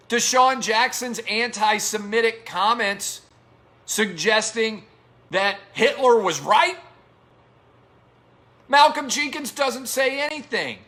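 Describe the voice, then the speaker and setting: Male opinion host, indignant and sarcastic, with a high, bright, forceful voice. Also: takes it slowly, long pauses. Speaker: show host. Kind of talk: sports opinion commentary.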